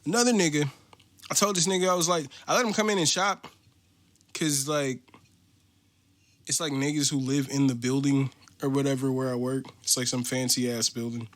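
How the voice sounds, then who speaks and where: A man's voice: mid-range voice, steady tone, moderate pace, fairly bright tone. An American man hosting a podcast, ranting in a casual, profane, mocking way. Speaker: podcast host.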